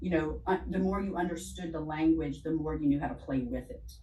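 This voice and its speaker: A middle-aged woman with a Southern Louisiana twang, a theater director talking as an interview guest in a measured, explanatory way over a video call. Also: deep voice, dark tone, slight background noise. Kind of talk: interview conversation. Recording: roomy, distant from the mic.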